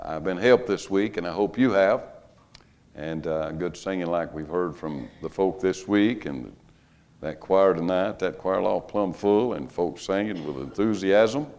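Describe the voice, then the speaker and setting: An older man preaching a revival sermon in a church, folksy and joking, rising to loud emphatic stretches. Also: deep voice, normal speed. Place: church sanctuary.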